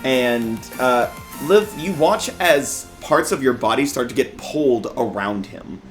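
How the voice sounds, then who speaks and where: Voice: mid-range voice, animated, unhurried, faint music behind. A game master casually narrating a tabletop role-play game with plenty of fillers.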